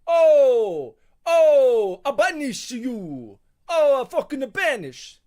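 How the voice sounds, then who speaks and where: A loud, excitable Italian man bursts out with exaggerated exclamations in a thick mock Italian accent, as a gaming streamer puts him on. His voice jumps well above a normal speaking pitch and he practically shouts every line. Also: drawn-out words, full character voice. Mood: shouting.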